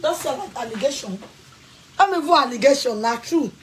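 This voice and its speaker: A woman with a Nigerian accent delivers a furious rant, scolding and threatening with sudden shouted bursts. Her voice sits a little higher than most women's. Faint noise hums underneath. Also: animated, moderate pace, low-quality recording. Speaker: vlogger. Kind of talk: angry rant to camera.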